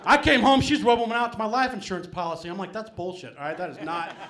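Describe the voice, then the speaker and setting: Rambling stand-up comic, slightly high voice. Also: male voice, animated, fast talker. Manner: rambling, self-deprecating, peppered with "man" and "um". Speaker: stand-up comedian. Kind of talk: live stand-up set. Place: small comedy venue with live audience.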